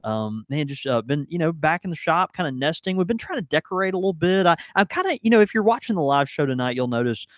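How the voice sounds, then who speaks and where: Brief: laid-back, rambling male podcast co-host, lively pitch, dry mic. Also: quick pace, hardly any pauses, no echo. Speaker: podcast co-host and shop owner. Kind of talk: casual live podcast banter. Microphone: studio mic.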